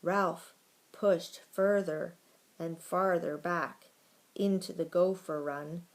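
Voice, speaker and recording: A woman reading a children's book aloud in a slow, steady storytelling manner. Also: on the low side. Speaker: reader.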